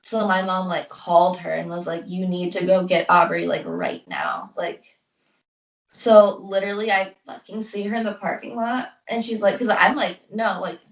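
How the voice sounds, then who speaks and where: Gravelly young woman telling a story. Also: fairly low pitch, moderate pace. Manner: rambling, heavy use of "like", acts out quotes. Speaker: podcast co-host. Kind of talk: casual storytelling chat. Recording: roomy, distant, dull lo-fi sound.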